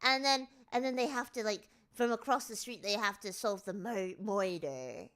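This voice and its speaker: A woman's voice: fairly high pitch, normal speed, fairly bright tone. A woman from Britain hosting a stream, chatting casually and playfully, often repeating herself. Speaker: streamer host. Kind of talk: casual chat.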